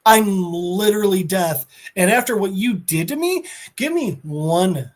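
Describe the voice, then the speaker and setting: A man voicing Death as a grim, threatening figure who speaks coldly and turns quiet when angry. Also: high-pitched, expressive, a little slow. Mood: menacing. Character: Death, a grim menacing male entity.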